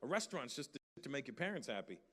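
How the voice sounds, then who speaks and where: A man's voice: mid-range voice, very animated, fast talker, a bit bright. A middle-aged man doing a live stand-up set, telling stories and swearing freely as he chats with the crowd. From Canada. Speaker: stand-up comedian. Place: large live venue on stage. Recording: live hall reverb with faint ambience.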